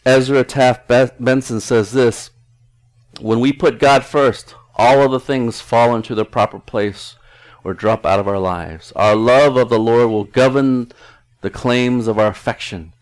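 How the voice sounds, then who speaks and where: A man's voice: medium pitch, fairly even intonation, unhurried. Middle-aged guy pastor giving a sermon, earnest, chatty, restarts a lot. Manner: earnest, conversational preaching with frequent restarts.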